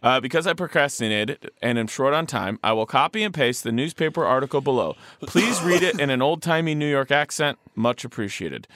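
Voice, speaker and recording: A man co-hosting a podcast reads listener letters aloud, his pitch swinging in a lively, animated way. He jokes along as he goes, adding playful emphasis to the lines. The sound is dry and close to the mic, with no room echo. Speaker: podcast co-host. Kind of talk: casual chat, reading listener letters aloud.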